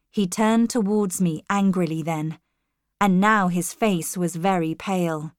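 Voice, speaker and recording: A woman narrating a storybook in the first person, reading clearly and carefully. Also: fairly low pitch, unhurried, no room sound, studio quality. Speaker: audiobook narrator.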